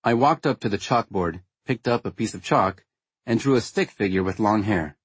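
A man narrating a first-person story in a wry, understated way, with a husky tone. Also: on the low side, moderate pace, no echo. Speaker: audiobook narrator.

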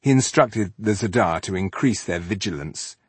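Man, audiobook narrator, husky voice, lively delivery, dry close recording. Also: on the low side, moderate pace, dry recording. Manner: expressive storytelling. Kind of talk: scripted narration.

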